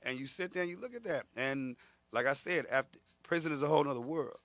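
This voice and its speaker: Guy in his 30s with a gravelly bright voice, kinda high, tells wild stories and swears a lot. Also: fast, dry recording. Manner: animated, profane storytelling with acted-out quotes. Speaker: guest comedian. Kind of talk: casual storytelling interview.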